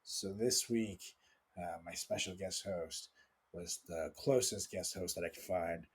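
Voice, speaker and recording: A man's voice: low-pitched, unhurried, slightly rough. A young man hosting a casual podcast with a jokey, rambling delivery and lots of fillers. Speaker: podcast host.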